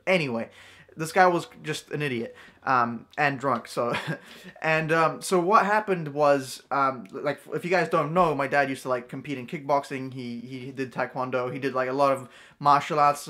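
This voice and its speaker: A man's voice: mid-range voice, normal speed, pushed and bright. A young man vlogging a true story at home, rambling with lots of fillers and restarts. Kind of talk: storytime vlog.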